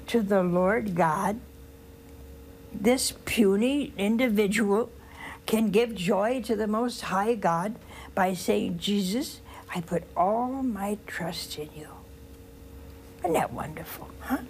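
An older woman teaching with slow, lingering phrasing, her voice rising and falling with great expression. She hosts a religious call-in program and sinks to near whispers on her tenderest lines. A faint hiss sits under the recording. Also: medium pitch. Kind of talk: spiritual teaching with phone calls.

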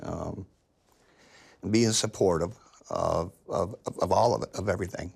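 An older man, a guest, speaks haltingly in a casual conversation, with many fillers and restarts. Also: sits low, creaky, a little mellow, slightly rough.

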